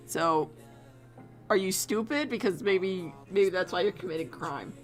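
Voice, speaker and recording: Young woman streamer, slow rambling chat, low voice, giggly, faint music underneath. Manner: rambling, giggly, swears casually. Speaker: streamer drawing a storyboard. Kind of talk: casual chat while drawing.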